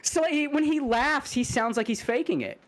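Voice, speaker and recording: A man's voice: very high voice, animated, normal speed. A man co-hosting a podcast, telling a story in casual chat, laughing, swearing and restarting his sentences. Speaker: podcast co-host.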